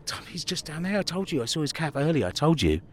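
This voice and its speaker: A man co-hosting a comedy podcast, bantering in an excitable, playful way outdoors on a hill. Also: fairly high pitch, fast, a little hiss or hum. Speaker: podcast co-host.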